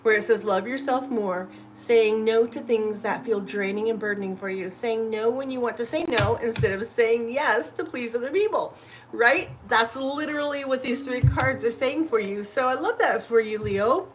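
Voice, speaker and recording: A woman's voice: on the high side, moderate pace, a little hiss or hum. A woman hosting a live tarot reading, chatty and effusive, often tagging her lines with "literally" and "right?".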